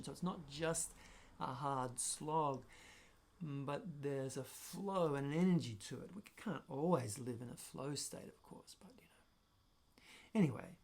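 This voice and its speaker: A man's voice: mid-range voice, darkish tone. A man talking reflectively on his own channel, thinking aloud and questioning himself as he goes. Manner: thoughtful, musing, self-questioning. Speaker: personal growth vlogger. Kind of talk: reflective solo talk to camera.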